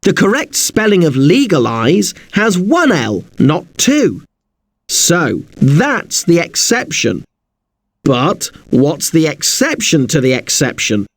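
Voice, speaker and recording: A man's voice: fairly high pitch, wildly swooping pitch, slow, no room sound. A man teaching an English spelling lesson, polite and a little apologetic, who spells words out letter by letter.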